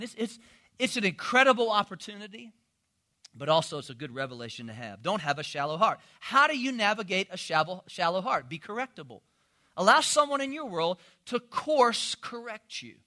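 Male pastor, sermon, high voice, bright tone, animated storytelling. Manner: animated storytelling, impersonates congregants.

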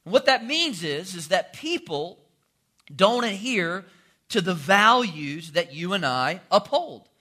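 Pastor in his 40s, bright kinda high voice, jokey folksy sermon storytelling. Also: takes it slowly. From North Carolina. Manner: folksy joking storyteller, animated.

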